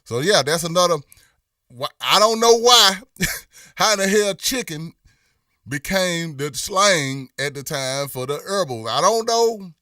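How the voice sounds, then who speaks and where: A middle-aged livestream host from Memphis, Tennessee reads viewer comments in a laid-back drawl, saying "you know what I'm saying" a lot, his voice a little worn from performing. It is high-pitched, animated, slow and sharp in tone. The recording is dry and studio quality, though he sits far from the mic.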